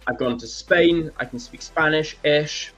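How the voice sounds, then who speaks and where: A man telling travel stories in a casual live-stream chat, lively and quick to laugh. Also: fairly high pitch, soft background music. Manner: animated storyteller, laughs often. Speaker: co-host. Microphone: video call or stream setup.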